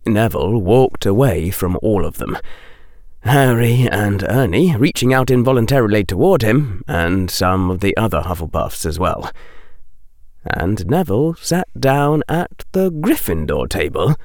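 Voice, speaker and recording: A man narrates a novel in a measured, expressive storytelling voice. His pitch moves up and down a lot while his pace stays slow. The recording is dry and close. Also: dry recording. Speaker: audiobook reader. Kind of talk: scripted narration.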